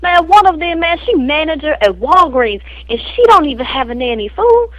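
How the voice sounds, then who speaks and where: A woman's voice: high-pitched, very animated, moderate pace, no echo, lo-fi sound. A woman voicing a crude, boastful street guy in an improvised comedy spoof, who rambles in slang and tacks "man" and "fool" onto every phrase.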